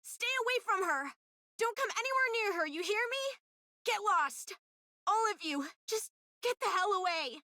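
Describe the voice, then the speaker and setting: An actress voicing a fierce young woman protecting her pop star friend in a game, shouting and emotional. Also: very high-pitched, animated, slow, pauses often, dry recording, clean studio sound, full character voice. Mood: furious. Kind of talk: game voice acting.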